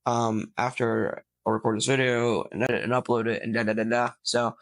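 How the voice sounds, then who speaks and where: A man's voice: mid-range voice, level tone, fairly quick, no room sound. Chatty upbeat man vlogging. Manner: upbeat, chatty, lots of fillers and restarts. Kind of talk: casual weight loss vlog recap.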